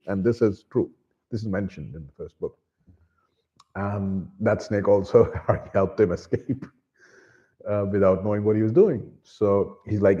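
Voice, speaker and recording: Low, mellow man retelling a plot. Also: moderate pace. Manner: rambling, with many restarts and fillers. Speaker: book reviewer. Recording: dull lo-fi recording.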